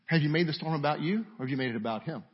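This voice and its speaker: Man, preacher, sermon, husky voice, a bit high, dull lo-fi recording. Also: rapid-fire. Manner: preaching with rhetorical questions and scripture reading.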